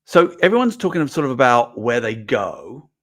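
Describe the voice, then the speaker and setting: A middle-aged man hosts a casual livestream, chatting and reading out comments as an animated, rambling storyteller. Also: medium pitch, normal speed. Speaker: host.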